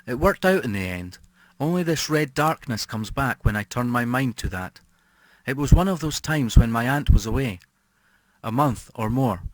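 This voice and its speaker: Man, audiobook horror narration, brooding and hushed, mid-pitched voice, dry close sound. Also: expressive, normal speed, no echo. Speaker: audiobook reader.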